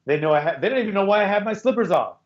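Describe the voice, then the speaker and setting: A middle-aged podcast host with a high-sitting voice talks very fast with lively intonation over a video call. In a casual chat, he tells a rambling story full of restarts, and the call audio sounds echoey and dull.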